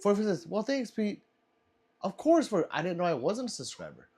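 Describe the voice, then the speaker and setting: A man's voice: high-pitched, big pitch swings, normal speed, a little mellow, breathy edge. A man hosting a casual livestream, reading chat aloud, laughing often and swearing freely.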